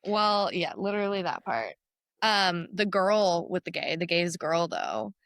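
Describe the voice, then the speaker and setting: A woman in her thirties co-hosting a podcast, telling stories in animated casual chat and acting out what others said. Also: lowish voice, creaky, no echo. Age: 30s. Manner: fast, animated storytelling with acted-out quotes. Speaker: podcast co-host.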